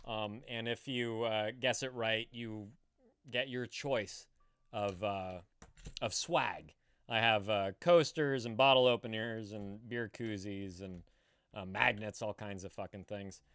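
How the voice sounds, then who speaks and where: A man's voice: on the low side, takes it slowly, fairly bright tone, smooth, no echo. An American man hosting a live stream in casual chat, swearing freely and greeting viewers by name. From United States. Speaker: streamer host.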